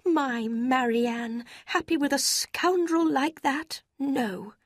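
A woman's voice: high-pitched, slow pace, dry recording, voice pushed up. Lady doing a protective mum, emphatic, dry close sound. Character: caring middle-aged mother, protective.

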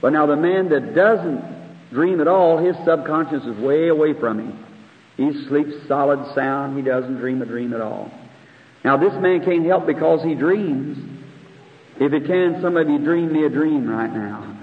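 A man's voice: fairly high pitch, unhurried. A man preaching a sermon in an earnest, conversational way, often asking the audience questions, recorded on old tape in a church hall. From United States. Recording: phone-like archival tape in an echoey hall.

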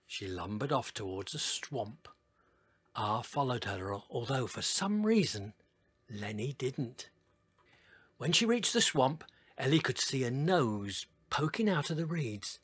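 A man reading a children's storybook aloud in a gentle, expressive way. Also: mid-range voice, unhurried, slightly rough, no room sound. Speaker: narrator.

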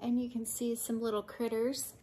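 A woman's voice: a little high, level tone, normal speed, dark tone, slight background noise. An older woman, a grandmother, reading a children's picture book aloud with playful voices for the animals.

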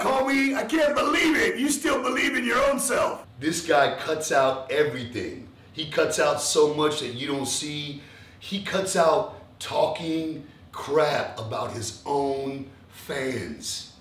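A man's voice: a little high, fairly bright tone, echoey room, distant mic. A young man from Texas ranting profanely to viewers, mocking others in put-on voices. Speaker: fitness vlogger. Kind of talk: casual ranting monologue.

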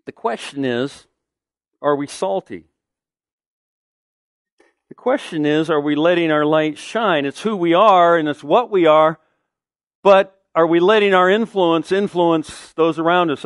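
A man's voice: a little high, no room sound, clean studio sound. A man preaching a sermon as pastor, emphatic, asking the listeners questions and answering them.

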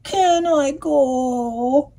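A woman voicing an eager, anxious young male duck in a storybook read-aloud, pleading and excitable, pitched higher than her narration. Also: very slow, gravelly, full character voice. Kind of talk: children's read-aloud with puppet.

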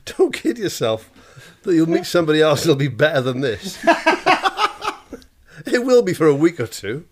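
A man's voice: a little high, big pitch swings, normal speed, slight background noise. A middle-aged man co-hosting a podcast, blunt and sweary, telling stories with laughing asides. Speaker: podcast co-host. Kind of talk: casual chat.

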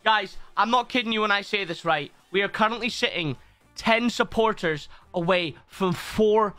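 Male streamer, high voice, emotional and sweary while thanking chat, low music behind. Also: moderate pace, pushed and bright. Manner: overwhelmed, swearing, thanking viewers. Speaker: livestream host.

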